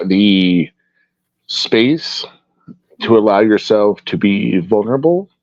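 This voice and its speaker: Male guest artist, low voice, rambling storyteller; dull dry lo-fi sound. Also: lively intonation, takes it slowly, no room sound. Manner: rambling, warm storytelling with restarts. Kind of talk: casual interview chat.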